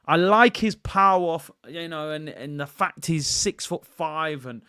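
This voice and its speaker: Brief: male football vlogger, casual and opinionated, bright and tense, slightly high. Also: a little slow, clean tone. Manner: chatty, opinionated, slangy, addresses viewers. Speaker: football channel host. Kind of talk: casual football vlog talk.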